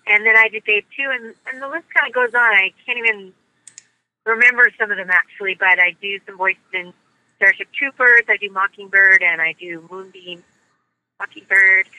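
A woman's voice: mid-range voice, brisk, dry recording, narrow, tinny audio. A woman who grew up in the United States, a voice actress chatting upbeat and bubbly in an interview. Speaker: voice actress guest. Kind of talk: casual interview chat.

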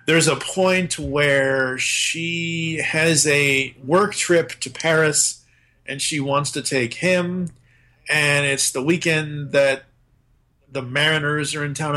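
A man talking in a casual podcast chat, walking through a movie's story with plenty of ums and false starts. His voice sits a bit high for a man. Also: fairly bright tone. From Boston area. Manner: recaps plot with many fillers and restarts. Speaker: podcast co-host.

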